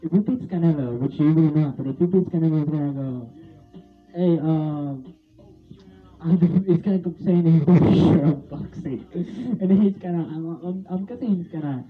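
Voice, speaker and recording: A man's voice: a little high, fairly quick, few pauses. A young man in a casual rant, rambling and repeating himself, often laughing and swearing as he talks. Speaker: vlogger. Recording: tinny phone-like sound with faint music.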